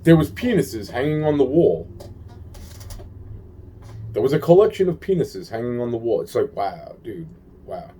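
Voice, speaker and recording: A man's voice: mid-range voice, very animated, moderate pace, pauses often, warm tone, husky. A man rambling to camera in a profane, agitated monologue, repeating himself and trailing off.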